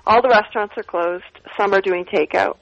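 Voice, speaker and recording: A woman guest chatting in a relaxed, chatty way. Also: medium pitch, fairly quick, gravelly, lo-fi sound, a loud crowd. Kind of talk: casual chat.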